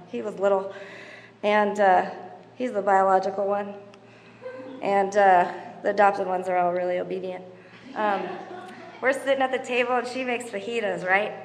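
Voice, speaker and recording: Woman, middle-aged, fairly high voice, lively storytelling, long hall reverb, faint noise. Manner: chatty storyteller, laughs often, mimics her kids; moves around constantly while talking. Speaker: parenting class teacher. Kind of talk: casual teaching talk to mothers.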